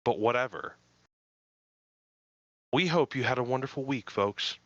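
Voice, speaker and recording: Brief: male podcast host, bright, tense edge, self-mocking banter, dull lo-fi sound. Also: mid-range voice, unhurried, no echo. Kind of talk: casual chat.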